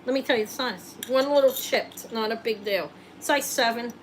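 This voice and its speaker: A woman's voice: on the high side, moderate pace, slight background noise, rough recording. Chatty woman selling jewelry live. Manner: chatty, joking, thinks aloud while showing rings. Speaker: jewelry seller hosting a live sale. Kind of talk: casual live sale chat.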